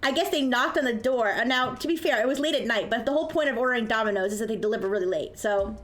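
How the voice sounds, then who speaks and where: A woman streamer chatting casually at her desk microphone, telling an animated story and acting out the people in it. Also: fairly high pitch, fast. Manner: animated storytelling, acts out yelling voices. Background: soft music.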